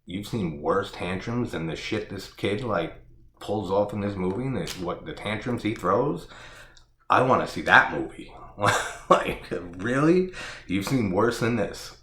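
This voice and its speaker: A man's voice: on the low side, expressive, a little slow, fairly bright tone. Exasperated man ranting in an echoey room. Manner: exasperated, laughing, profane, filler-heavy. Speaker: horror movie reviewer. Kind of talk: casual spoken review.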